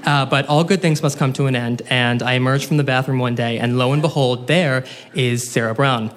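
A young man telling a funny personal story on stage, animated and self-mocking with quick asides. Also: medium pitch. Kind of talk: live comic storytelling.

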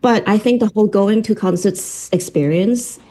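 A woman's voice: medium pitch, moderate pace, warm tone. A woman conductor from Hong Kong, answering interview questions earnestly with many fillers. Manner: earnest, lots of fillers, laughs while telling stories. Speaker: orchestra conductor. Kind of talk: broadcast interview.

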